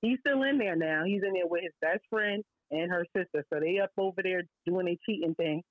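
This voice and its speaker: New woman, podcast guest, blunt and lively storyteller, dry and muffled lo-fi sound. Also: lowish voice, fairly quick, dry recording. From Brooklyn, New York. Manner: lively, blunt, heavy slang and asides.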